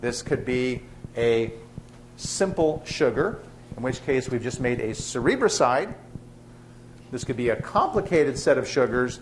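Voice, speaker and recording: A man's voice: mid-range voice, slight background noise. A man lecturing a class on biochemistry in a chatty, joking way. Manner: lively, chatty, tells jokes to students. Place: lecture hall with students.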